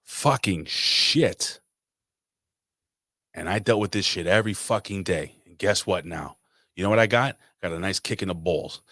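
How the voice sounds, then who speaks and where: A man from New York City with a very low, deep voice, ranting in casual podcast talk and swearing every few words. He works himself up as he goes, and his voice sounds dry and close. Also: brisk, a bit bright, no room sound. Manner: profane ranting. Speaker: podcast co-host. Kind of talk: casual chat.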